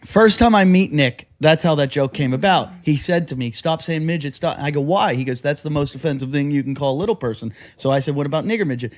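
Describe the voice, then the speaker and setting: A man's voice: on the high side, fast talker, hardly any pauses. A man co-hosting a comedy podcast, telling crude stories in casual chat and laughing often. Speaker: podcast co-host.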